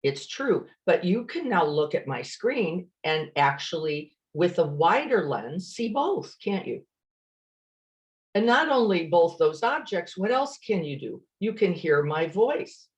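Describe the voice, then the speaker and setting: Female meditation teacher, energized and emphatic, slow deliberate delivery with rhetorical questions, webcam sound. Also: fairly low pitch, very animated, highs cut off. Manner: asks the listener rhetorical questions. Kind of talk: meditation dharma talk.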